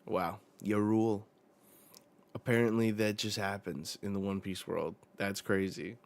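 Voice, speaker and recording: A man reads manga panels aloud on his reaction stream, lingering over each line of dialogue for dramatic effect. His voice sits fairly low and he takes his time. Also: fairly even intonation, a little slow, gravelly. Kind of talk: live reading and reaction.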